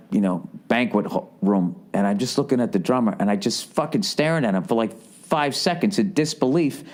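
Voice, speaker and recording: On his podcast, a comedian in his forties with a Boston accent rambles through a lengthy story, swearing casually and performing each quote. He has a mid-range voice with a darkish tone.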